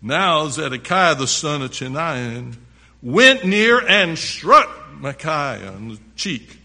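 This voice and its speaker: A man's voice: fairly high pitch, big pitch swings, slow, sharp tone, long reverb tail. A man preaching a sermon, reading a scripture passage aloud and stopping often to explain it in plain words.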